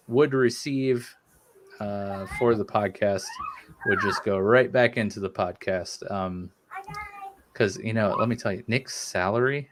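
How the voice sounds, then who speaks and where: A man's voice: on the low side, noisy background. A man hosting a podcast, talking casually in a rambling, jokey way full of fillers, with the hiccups. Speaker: podcast host.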